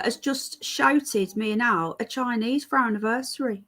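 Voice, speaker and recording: A woman's voice: a little high, moderate pace, fairly bright tone. A British woman hosting a casual livestream, talking in a rambling way and answering viewer messages as they come in. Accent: British English. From Britain. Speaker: livestream host. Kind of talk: casual livestream chat reading viewer comments.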